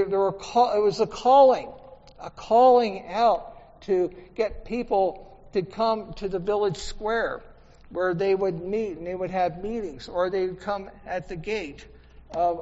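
A man's voice: high voice, a little mellow. A man preaching a sermon as pastor, talking conversationally and asking the congregation for responses. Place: church sanctuary. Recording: dull reverberant church recording.

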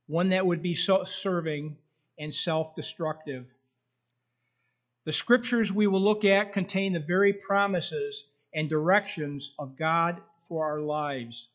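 A male preacher delivering a sermon in a somewhat high voice. He reads scripture slowly and earnestly, and a faint whistle comes from his tooth. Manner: slow, earnest delivery, reading scripture aloud.

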